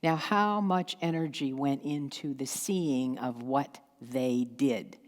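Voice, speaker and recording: Slow-preaching woman pastor in echoing hall. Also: very deep voice. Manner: slow, emphatic preaching with pauses and acted asides. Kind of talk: sermon. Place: church sanctuary. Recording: long hall reverb.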